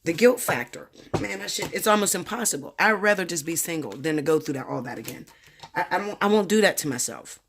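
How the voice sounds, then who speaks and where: A woman giving a casual tarot reading, talking bluntly and profanely with animated storytelling. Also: low-pitched, slight background noise. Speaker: tarot reader.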